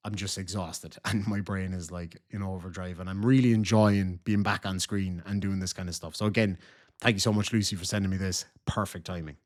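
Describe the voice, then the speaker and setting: A man's voice: sits low, fairly even intonation, brisk, a little mellow. An Irish man hosting a reaction video, commenting casually in a chatty, rambling way and often correcting himself.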